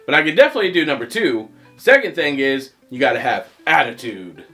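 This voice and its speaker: A man hosting a comedic movie review show, animated and joking, poking fun at himself. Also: fairly high pitch, quick pace, soft background music. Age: adult past teens. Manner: animated, joking, self-mocking.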